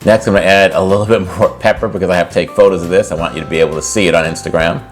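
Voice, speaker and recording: A man's voice: deep voice, steady tone, rapid-fire, faint music behind. A man hosting a cooking video, casually explaining a recipe step by step and then tasting it. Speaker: cooking channel host.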